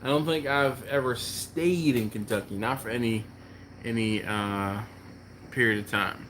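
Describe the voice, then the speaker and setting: A man in the middle of a casual barbecue live stream, reading out viewer comments and chatting back in a relaxed, meandering way. His voice sits at an ordinary middle pitch. A faint hiss of background noise runs under the talk. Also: measured pace. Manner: relaxed, rambling, answers chat comments. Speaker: BBQ channel host.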